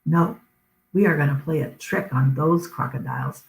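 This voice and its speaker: A woman voicing a gentle, clever young crocodile raised by ducks, speaking in an earnest, playful way. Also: sits low, normal speed, creaky, roomy sound, voice pushed down, poor audio. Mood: secretive.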